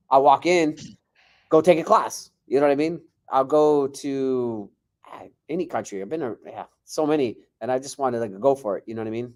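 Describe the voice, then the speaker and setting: A martial arts instructor appears as a podcast guest, speaking a little fast at a medium pitch. He tells stories casually and with animation, acting out the dialogue he quotes.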